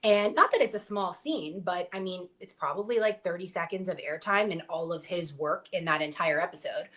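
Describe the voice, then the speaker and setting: A young adult woman with a lowish, fairly bright voice talks at a moderate pace as a guest on a review show. She discusses her acting work candidly and chattily, using many fillers in a casual conversation.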